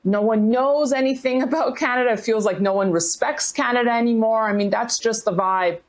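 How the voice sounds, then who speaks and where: A woman's voice: a little high, brisk. Polite woman hosting an interview. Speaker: news show host.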